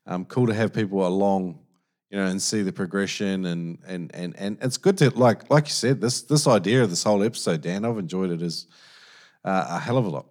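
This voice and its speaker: A man hosting a podcast, chatting casually and earnestly, with halting restarts. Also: low-pitched, a little mellow. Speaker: podcast host.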